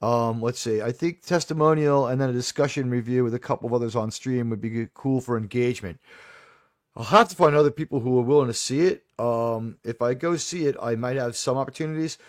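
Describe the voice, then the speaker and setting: A man's voice: medium pitch, brisk, no echo, studio quality. A middle-aged man with a New York accent, chatting casually with viewers as a live stream host, rambling and restarting his sentences. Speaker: livestream host.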